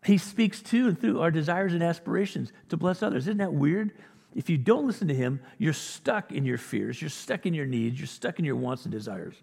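A male pastor delivers a sermon in an earnest, conversational way, lifting into emphatic peaks. His voice is gravelly and a little husky. The sound rings with the long reverb of a large church hall. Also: fairly high pitch, lively intonation, normal speed, darkish tone. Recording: reverberant hall, audio recording.

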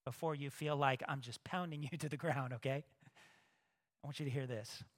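A male pastor preaching a sermon, lively, swinging between hushed asides and loud emphatic bursts. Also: medium pitch, moderate pace.

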